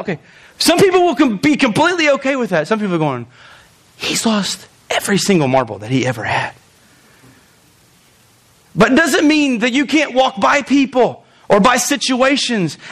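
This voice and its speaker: A middle-aged man preaching with a high-pitched voice. He keeps it loose and chatty, cracking jokes and throwing in asides. He often trips over his words, restarting and repeating them. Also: a bit bright. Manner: conversational and joking, with laughs and asides. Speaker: pastor. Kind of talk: sermon.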